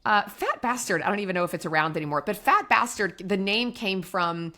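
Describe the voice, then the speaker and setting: A woman's voice: mid-range voice, brisk, sharp tone. A woman co-hosting a podcast, chatting casually about her wine brand and telling stories with acted-out quotes. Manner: chatty storyteller, acts out quotes. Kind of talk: casual business chat.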